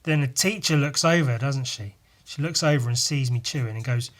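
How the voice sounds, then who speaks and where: A man's voice: medium pitch, fairly quick, fairly bright tone. A young man hosting a solo podcast, telling a meandering story full of swearing, wry asides and frequent fillers. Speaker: podcast host.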